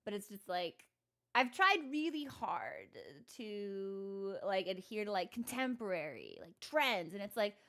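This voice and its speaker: Her voice is medium-pitched, pushed, and bright, with big pitch swings and an unhurried pace. This female game streamer chats in a rambling, sarcastic, self-deprecating way full of filler words.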